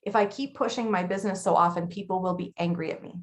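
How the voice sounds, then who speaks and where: A woman in her thirties co-hosting a casual chat, blunt and chatty with quick laughs. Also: medium pitch, steady tone. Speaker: podcast co-host.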